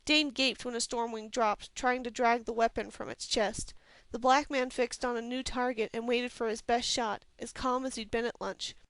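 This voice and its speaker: Smooth-voiced woman reading a novel. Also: fairly high pitch, normal speed, hardly any pauses, no echo. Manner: steady, even storytelling reading. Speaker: audiobook reader. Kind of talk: scripted fantasy novel narration.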